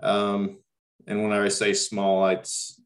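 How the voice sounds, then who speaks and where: A man's voice: on the low side, completely flat delivery, slow pace. A young man from Missouri, a new varsity coach, talking hesitantly with many ums and restarts. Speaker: guest basketball coach. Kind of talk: casual interview talk.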